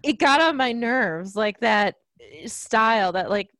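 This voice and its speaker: A woman's voice: a little high, lively intonation, unhurried, fairly bright tone, dry recording. A woman co-hosting a podcast in casual chat, joking and wry as she talks. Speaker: podcast co-host.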